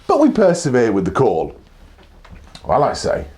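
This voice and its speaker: Animated, indignant Englishman telling a story. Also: medium pitch, moderate pace. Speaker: show host. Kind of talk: monologue storytelling.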